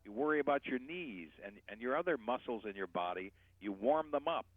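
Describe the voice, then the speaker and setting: A man's voice: mid-range voice, animated, a little fast, no room sound. A male voice coach on a radio talk show, explaining and demonstrating how people speak. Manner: explanatory, demonstrates speech patterns. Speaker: voice coach guest. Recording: tinny phone line.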